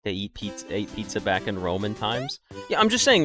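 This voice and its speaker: A man's voice: fairly low pitch, huge pitch swings, fairly quick, pushed and bright, soft background music. A man giving casual, rambling let's-play commentary with profane, laughing asides. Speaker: gaming video creator.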